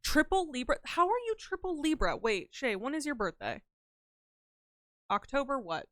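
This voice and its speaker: A woman's voice: high-pitched, sing-song, normal speed, fairly bright tone, no room sound, studio quality. A young woman livestreaming, chatting casually and playfully with her viewers in a rambling way. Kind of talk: casual chat with live viewers.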